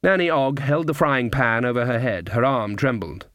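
A man narrating an audiobook in a measured, deliberate storytelling manner. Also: medium pitch, fairly bright tone, dry recording, studio quality.

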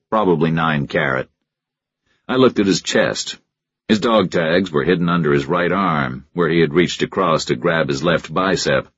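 A man narrating a first-person crime story in a measured, deadpan way. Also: deep voice, breathy edge, dry recording, lo-fi sound. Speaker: audiobook narrator.

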